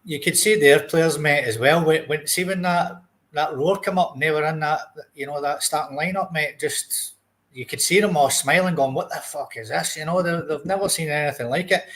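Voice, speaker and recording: A man's voice: on the high side, normal speed, a bit bright. A young Scottish man co-hosting a podcast, talking football bluntly and casually. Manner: blunt, says mate a lot. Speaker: podcast co-host.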